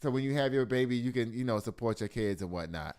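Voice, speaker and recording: A man's voice: medium pitch, expressive, quick pace, darkish tone, clear, resonant tone. A man hosting a casual news and gossip commentary show, talking straight to his viewers as "y'all" and swearing freely.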